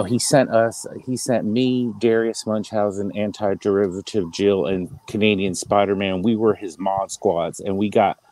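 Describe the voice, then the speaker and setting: A man with a fairly low voice speaks in an emotional, halting way, with frequent restarts, as he pays tribute in a casual online panel chat. The sound is dry and close, with little room echo. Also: darkish tone.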